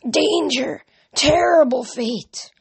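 A woman reader voicing a frail, unstable old mother who calls out in a high, quavering, pleading voice in a storybook. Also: takes it slowly. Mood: urgent.

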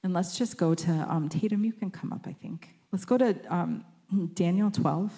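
A woman giving a conversational sermon, reading scripture and acting out quoted lines with lively shifts in voice. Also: lowish voice, normal speed. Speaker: preacher.

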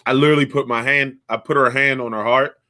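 A young adult man chatting casually, telling an animated, profane story and laughing often. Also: medium pitch, fast talker, dry recording, clean studio sound.

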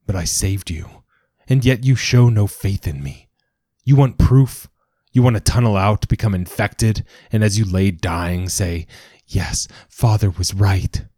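A man voicing a zealous, controlling older father who shouts commands in an audiobook story. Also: low-pitched, steady tone, moderate pace, husky, dry recording, clean studio sound. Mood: accusing.

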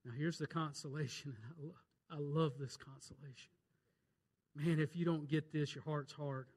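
A male pastor with a high, bright, slightly rough voice preaches a fervent sermon at a moderate pace and steady tone. Quoting scripture and cracking jokes, he swings between loud, urgent calls and hushed, pleading lows.

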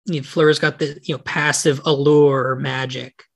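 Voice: medium pitch, little pitch movement, normal speed, creaky. A podcast co-host in casual chat, wry and analytical, swearing casually.

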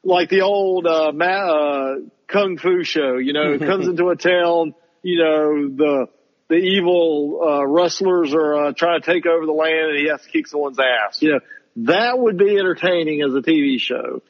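Man, podcast co-host, ranting casual review, higher voice, dull lo-fi audio. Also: normal speed. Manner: animated ranting, mocking quotes in a high voice.

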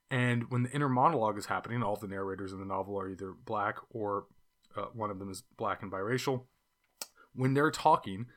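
Bright-voiced Californian man discussing a novel. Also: mid-range voice. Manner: conversational, thoughtful, with fillers and restarts. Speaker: book reviewer. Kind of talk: casual book discussion.

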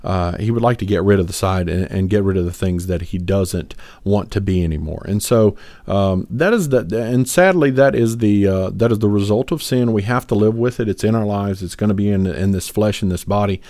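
A man's voice: fairly low pitch, fairly quick, hardly any pauses, dark tone, no echo. A man co-hosting a podcast, talking about faith in an earnest, rambling way with many fillers and restarts. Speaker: podcast co-host. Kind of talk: casual faith discussion.

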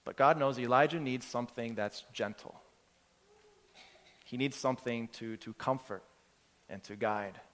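A man preaches a sermon in an earnest, conversational manner, restarting phrases as he works through everyday examples. His voice sits at an ordinary middle pitch. The recording carries the long reverb of a large church hall. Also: measured pace, pauses often, a bit bright. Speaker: pastor.

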